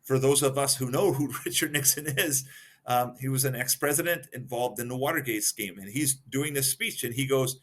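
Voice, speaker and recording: A man's voice: medium pitch, normal speed. A man talking as a guest expert on a podcast, explaining points one by one and giving examples. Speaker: guest expert in behavioral analysis.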